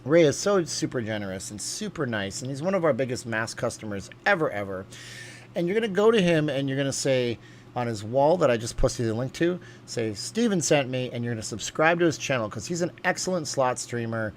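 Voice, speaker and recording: A man's voice: mid-range voice, very animated, a little fast, a little hiss or hum. A man hosting a casual livestream, reading viewer comments aloud and rambling from topic to topic with lots of fillers. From USA. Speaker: livestream host reading chat.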